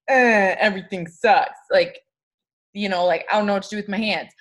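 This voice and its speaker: A woman with a mid-pitched voice hosts a casual group call. She talks in a chatty, upbeat way, full of filler words, as she introduces the next guest. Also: a bit bright. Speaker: call host.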